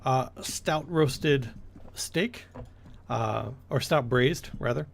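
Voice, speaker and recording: A man's voice: mid-range voice, extremely slow, creaky, a little hiss or hum. A man voicing a blunt, knowing dwarven tavern waitress in an odd, unplaced put-on accent for a tabletop game. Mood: offhand.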